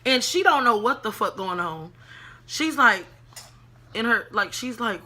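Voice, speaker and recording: A woman vlogger telling a casual storytime, animated and chatty, talking straight to her viewers and dropping to whispers when she quotes herself. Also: on the high side, unhurried, long pauses. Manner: profane, chatty, addresses viewers as y'all.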